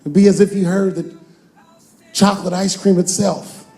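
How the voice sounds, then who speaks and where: A man in his forties performing a stand-up comedy set on stage, telling a long story and jumping into high-pitched voices for the characters. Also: flat delivery, normal speed, gravelly, mellow. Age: 40s. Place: large theater stage with a live audience.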